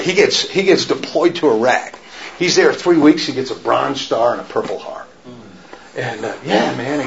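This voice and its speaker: A middle-aged man telling stories to an audience, laughing often and shouting when he acts out quotes. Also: mid-range voice, slight background noise. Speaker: speaker giving a faith talk. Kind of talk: storytelling talk to an audience. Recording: roomy, dull lo-fi sound.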